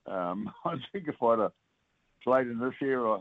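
An older man with a New Zealand accent, a former rugby player talking as a guest on a radio phone-in, halting and full of fillers and restarts. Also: medium pitch, no echo. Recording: tinny phone line.

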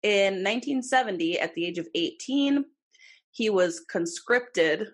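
A woman in casual conversation, talking loosely with plenty of "like" and "um" as she tells a story. Her pitch sits in an ordinary middle range. She laughs easily and swears now and then. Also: lively intonation, unhurried. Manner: swearing, laughing, lots of fillers. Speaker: podcast co-host telling a case. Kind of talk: casual chat.

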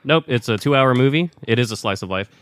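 A man's voice: mid-range voice, animated, quick pace, clean tone, no echo, clean studio sound. A man co-hosting a podcast in casual chat, enthusiastic and casually profane. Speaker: podcast co-host.

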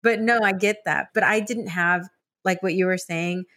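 A woman from San Diego hosting a casual interview, chatty and animated as she tells stories with laughs. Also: fairly low pitch, normal speed. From San Diego, California. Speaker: podcast host.

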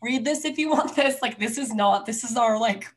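A woman's voice: a little high, normal speed. A young adult woman co-hosting a book podcast, chatting in a teasing, playful way. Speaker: podcast co-host. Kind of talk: casual chat.

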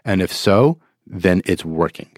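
A very deep-voiced man, a trade journalist guest, thinks aloud with hesitations and self-deprecating asides. His voice is close and dry with no room around it. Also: expressive, measured pace, no echo. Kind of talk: casual business discussion.

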